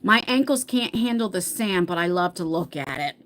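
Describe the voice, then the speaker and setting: A woman's voice: on the low side, lively intonation, normal speed, a bit bright, slight background noise. A middle-aged woman hosting a casual livestream chat, reading viewer comments, laughing often and stumbling over words.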